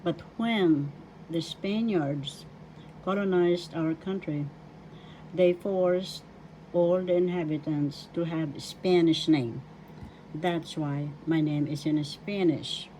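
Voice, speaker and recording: Slow, mellow Filipino woman teacher. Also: low-pitched, slight background noise. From Philippines. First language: Tagalog. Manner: slow, careful, repeats words for pronunciation drills. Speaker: language teacher. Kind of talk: slow spoken language lesson.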